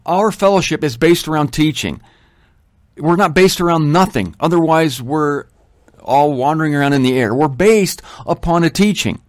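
A middle-aged man giving an informal Bible teaching, emphatic and conversational, slowing down to stress his points. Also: on the high side, animated, no room sound, studio quality.

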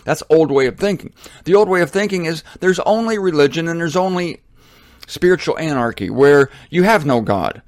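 A man's voice: on the high side, lively intonation, moderate pace, no room sound, clean studio sound. A middle-aged American man from Ohio delivering a blunt, fervent monologue about faith as a Christian teacher, climbing to emphatic peaks. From Ohio, United States.

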